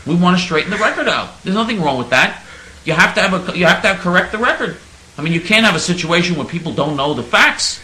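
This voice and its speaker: A man's voice: on the high side, sharp tone, echoey room, a little hiss or hum, low-quality recording. A man hosting a talk radio show, telling stories in a mock-naive, sarcastic way. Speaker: radio host.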